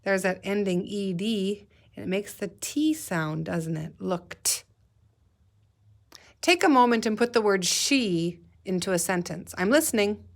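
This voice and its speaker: Woman teacher, unhurried, patient, sounds out each letter, mid-range voice. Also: mid-range voice, expressive. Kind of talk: guided reading lesson for young children.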